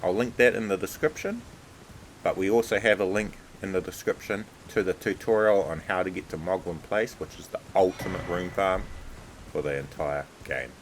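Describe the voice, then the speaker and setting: Low-voiced man giving casual game commentary. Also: normal speed, a little hiss or hum, low-quality recording. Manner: relaxed, chatty, repeats filler words like "obviously". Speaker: game walkthrough narrator.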